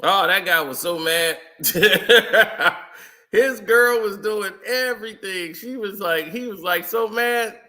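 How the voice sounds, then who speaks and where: A man's voice: high voice, a little slow, few pauses, pushed and bright. A man giving casual, chatty commentary over old photos, laughing often and telling stories in loose slang. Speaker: vlogger.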